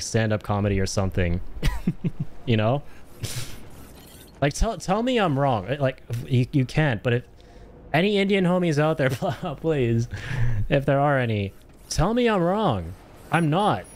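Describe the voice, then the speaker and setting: A man's voice: mid-range voice, slight background noise. A man streaming a video game, joking and swearing in casual commentary and slipping in Hindi phrases. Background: game music.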